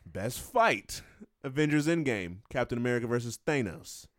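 A male podcast co-host with a mid-range voice and lively intonation speaks at a moderate pace. The recording is dry and studio-clean as he playfully reads out lists and laughs often on the casual show.

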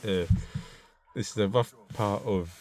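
A man's voice: on the low side, a little slow, darkish tone. A man with a London accent hosting a podcast, chatty, often stumbling over his words and laughing. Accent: London English. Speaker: podcast host. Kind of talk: casual interview chat.

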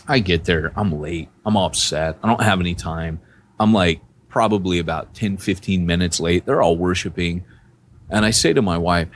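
A man with a very low, deep voice tells a personal story on a podcast. He talks casually and animatedly, often restarting his sentences. A faint hiss of noise sits under the recording. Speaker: podcast co-host, church planter.

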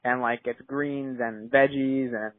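A man's voice: medium pitch, steady tone, measured pace, no echo. A young man from San Diego, a filmmaker guest, talking casually and rambling with lots of "like" and restarts. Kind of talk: casual interview chat. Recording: tinny phone-like line.

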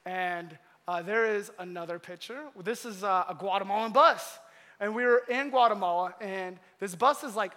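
Animated young man preaching in a hall. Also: high-pitched, moderate pace. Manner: animated, laughing, filler-heavy storytelling. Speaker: youth pastor. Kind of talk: casual sermon storytelling. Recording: long hall reverb.

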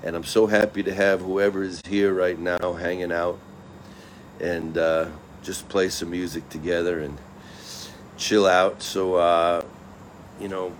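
Relaxed man telling a casual fable. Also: low voice, measured pace, slight background noise. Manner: relaxed, loose, repeats words. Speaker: storyteller.

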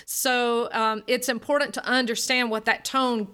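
An animated woman who teaches voice and singing, guesting on a podcast. She acts out speaking styles as she explains them and wanders off on tangents. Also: a little high, a little slow, clean tone. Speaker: voice and singing coach.

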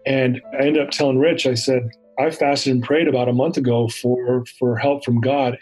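A man's voice: mid-range voice, normal speed, faint music behind, low-quality recording. Man telling a personal story. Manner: animated retelling with acted-out dialogue. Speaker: interview guest.

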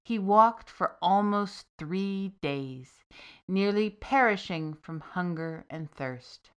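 A woman storyteller reads a fairy tale at an unhurried, deliberate pace. Her voice sits in a middle pitch, and her delivery is measured and expressive. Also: clear, resonant tone. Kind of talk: scripted fairy-tale narration.

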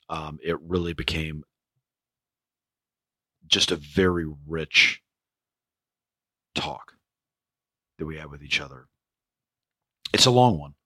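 A man hosting a podcast, speaking with a hoarse, ragged voice in a rambling way, full of fillers and restarts. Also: a bass voice, sharp tone, no room sound. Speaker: podcast host. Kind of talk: spoken podcast intro.

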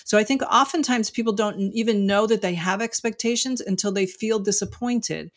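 A middle-aged woman speaks as a guest in an interview, candid and thoughtful. She sprinkles her talk with "you know" and "like". Her voice sits in a middle pitch. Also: brisk. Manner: reflective and frank, with many "you know" and "like" fillers. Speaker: author and marriage coach, guest.

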